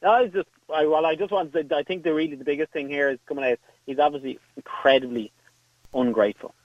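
Brief: quick, slightly high man caller, halting, dull phone sound. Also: dry recording. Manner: hesitant, halting. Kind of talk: radio phone-in chat.

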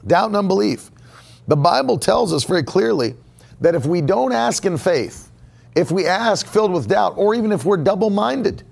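A man's voice: sits high, sing-song, normal speed, creaky, darkish tone, husky. A man preaching a sermon as pastor, emphatic and repeating his key phrases. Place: church sanctuary.

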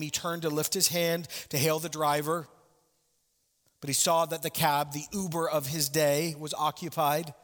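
A man's voice: on the high side, fairly bright tone, long reverb tail. A male pastor preaching a sermon, telling a story with asides and direct questions to his listeners.

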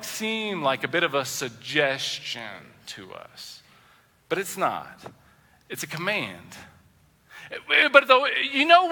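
Lively high-voiced male preacher in an echoey hall. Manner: animated, acts out the voices of quoted people. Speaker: pastor. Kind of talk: sermon.

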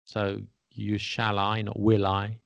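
Male podcast host, gravelly and dry, patiently explains grammar and checks understanding. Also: lowish voice, monotone, slow pace, no room sound. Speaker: English teacher and podcast host.

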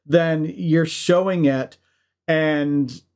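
Animated, laughing male podcast host. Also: a little high, very slow. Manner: animated storyteller, laughs often, restarts. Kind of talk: casual chat.

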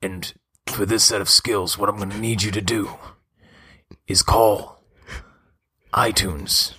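A man doing an impression of a grim, menacing male action-movie tough guy, delivered low and slow. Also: fairly even intonation, bright, forceful tone, husky, heavily acted.

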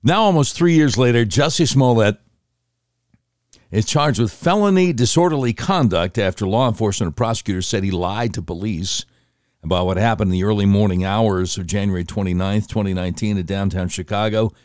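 A man's voice: fairly low pitch, brisk, darkish tone, dry recording, clean studio sound. A man hosting a casual news commentary show, reading articles with sarcastic asides and self-corrections.

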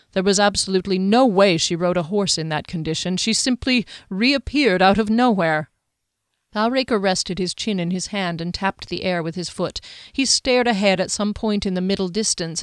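Smooth-voiced woman narrating a fantasy audiobook. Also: medium pitch, no room sound, clean studio sound.

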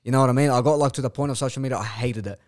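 A young man, a guest influencer, chatting casually on a podcast, swearing freely and telling animated stories. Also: medium pitch, rapid-fire. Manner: heavy swearing, animated storytelling.

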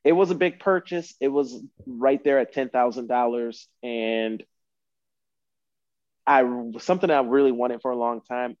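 A man's voice: mid-range voice, darkish tone, dry recording, highs cut off. A man telling a long story as a podcast guest in casual talk, rambling and repeating himself.

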